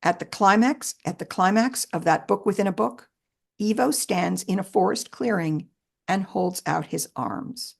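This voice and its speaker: A woman author reading her own personal essay aloud in a measured, expressive way with shifting emphasis. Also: medium pitch, gravelly, husky.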